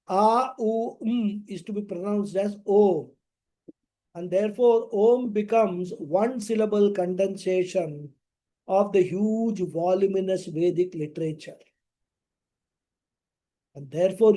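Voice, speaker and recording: A man teaching a scripture class, explaining slowly and chanting Sanskrit verses. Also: high voice, dark tone. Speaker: spiritual teacher. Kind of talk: scripture lecture.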